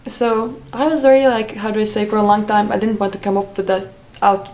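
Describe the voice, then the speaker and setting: Woman vlogger, mid-range voice, halting personal storytelling full of fillers. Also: medium pitch, flat delivery, a little mellow, rough recording. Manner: hesitant, many "like" fillers and self-corrections.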